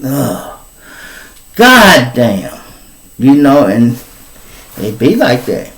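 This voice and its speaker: A middle-aged man with a Chicago accent telling a personal story in a loose, profane way, jumping into high voices for the people in it. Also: drawn-out words, low-quality recording. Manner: animated, profane, acts out voices in high falsetto. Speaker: storyteller host. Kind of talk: casual live storytelling.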